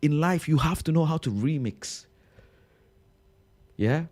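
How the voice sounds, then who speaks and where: A man's voice: on the high side, slow. A young man from Bangladesh with a British accent, doing a slangy comic monologue with bursts of laughter. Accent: British English. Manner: animated, slangy, keeps saying bro, bursts of laughter. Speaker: comedian.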